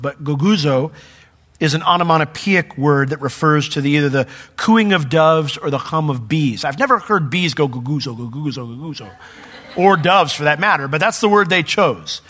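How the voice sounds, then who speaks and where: A middle-aged male pastor preaching a sermon, animated when retelling a story and hushed when sharing his own testimony. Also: fairly high pitch, normal speed. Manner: animated storyteller, voice jumps up when acting out the crowd; drops to a soft, hushed tone for personal testimony.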